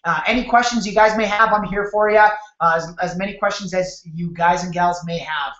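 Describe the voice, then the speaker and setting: A man's voice: high voice, brisk, fairly bright tone. Man coaching sales in an echoey webinar. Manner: rambling, frequent restarts, acts out door-step scenes. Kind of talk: live webinar coaching, casual and demonstrative. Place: home room on a video call. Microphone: computer mic on a video call. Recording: echoey, dull webcam audio.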